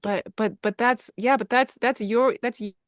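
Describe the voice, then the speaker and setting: Warm reflective woman, dry sound. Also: on the high side, steady tone, normal speed, no room sound. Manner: warm, affirming, reflective, with gentle hesitations. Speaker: podcast guest, healer. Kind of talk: casual conversation.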